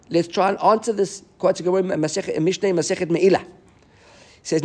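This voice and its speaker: A man teaching a Talmud class, explaining the text quickly and animatedly, mixing in Hebrew and Aramaic terms. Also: high-pitched, steady tone, darkish tone.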